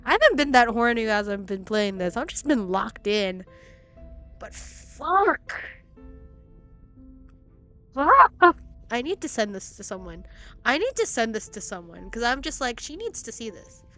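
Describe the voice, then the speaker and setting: A young woman streaming a video game who gushes excitably, swears freely, and reads the game text aloud. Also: on the high side, a little fast, faint music behind. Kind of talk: casual gameplay commentary. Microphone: laptop stream mic.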